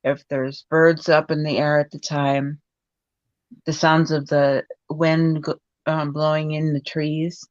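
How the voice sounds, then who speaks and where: A woman guest in a casual talk, speaking haltingly with many fillers and restarts. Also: sits low, level tone, a little mellow, no room sound, dull audio. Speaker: podcast guest. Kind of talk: casual conversation.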